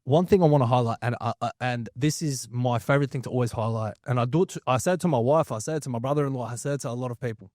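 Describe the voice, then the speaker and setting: A man's voice: medium pitch, rapid-fire, hardly any pauses, a little mellow, no echo, studio quality. A man in his thirties hosting a podcast, jumping in with emphatic, casual remarks. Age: 30s. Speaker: podcast host. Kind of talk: casual chat.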